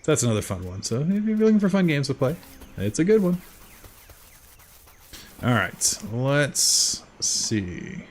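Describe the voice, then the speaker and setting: A man's voice: unhurried, pauses often. A man in his thirties from South Jersey, with its accent, chatting casually while streaming a farming game and answering his chat in a rambling way. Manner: chatty, rambling, lively with sudden high jumps. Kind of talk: casual gameplay chat with chat readers.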